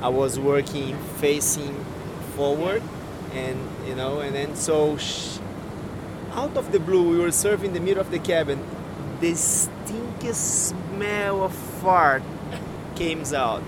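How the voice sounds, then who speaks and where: A woman's voice: deep voice, slow pace. A woman flight attendant telling a funny work story, giggling and acting out what people said. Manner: giggly, acts out quotes. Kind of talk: casual anecdote. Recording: noisy background.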